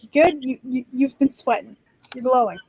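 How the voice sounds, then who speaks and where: A woman hosting a casual writing-sprint stream, chatty and quick to laugh and apologize. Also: sits high, darkish tone, husky, dry recording. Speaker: stream host.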